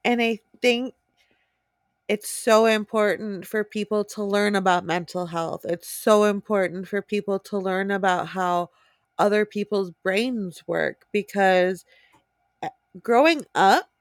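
A woman's voice: medium pitch, slow pace, dry recording, clean studio sound. A woman co-hosting a podcast, speaking earnestly and supportively in casual conversation. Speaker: podcast co-host. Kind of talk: casual chat.

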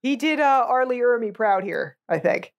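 A woman's voice: fairly high pitch, lively intonation, normal speed. A woman co-hosting a podcast, chatting casually about a movie in a blunt, sarcastic, sweary way. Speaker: podcast co-host.

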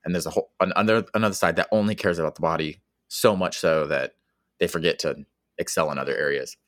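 A man's voice: low voice, fast, fairly bright tone, dry recording, clean studio sound. A man co-hosting a podcast, laying out his points in order in a thoughtful way. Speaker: podcast co-host. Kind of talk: casual discussion.

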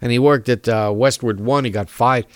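A man's voice: mid-range voice, steady tone, moderate pace, dry recording, studio quality. A man hosting a talk radio show, ranting sarcastically and chuckling as he rambles. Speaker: radio host.

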